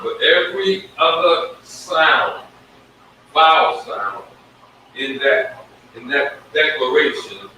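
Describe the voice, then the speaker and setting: A man teaching a live-streamed Hebrew lesson, slowly sounding out syllables at a board. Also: a little high, lively intonation, sharp tone, a little hiss or hum. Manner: slow, drawn-out sounding of syllables. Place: room with a whiteboard. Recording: echoey room, mic at a distance.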